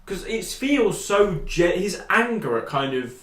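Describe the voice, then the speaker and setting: A British man co-hosting a podcast in casual chat, animated and rambling, jumping high when he quotes people. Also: measured pace. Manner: animated, rambling, shoots up in pitch when quoting. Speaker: podcast co-host. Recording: echoey room, off-mic.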